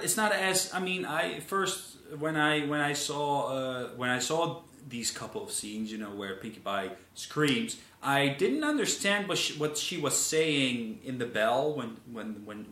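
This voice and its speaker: A man's voice: medium pitch, unhurried, hardly any pauses, sharp tone. A man hosting a casual commentary video, rambling, repeating words and often apologizing. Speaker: video host. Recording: echoey room.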